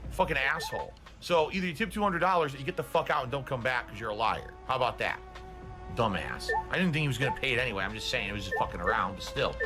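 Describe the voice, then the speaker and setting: A middle-aged man live streaming, ranting in a profane, combative, indignant way, winded and out of breath. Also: medium pitch. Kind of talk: ranting livestream talk.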